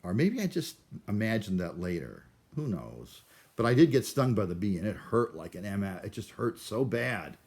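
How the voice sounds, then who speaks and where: Low-voiced man from Cleveland, neurotic, self-mocking rambling vlogger. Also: very animated, moderate pace, darkish tone. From Cleveland, USA. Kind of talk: rambling monologue vlog.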